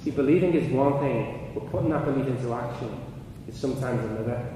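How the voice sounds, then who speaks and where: A man's voice: mid-range voice, fast, recorded from a distance. Man giving a talk in an echoey hall. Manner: storytelling, rising and loud in anecdotes. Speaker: speaker. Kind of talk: conference talk. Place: large hall. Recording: echoey hall, mic from afar, noisy.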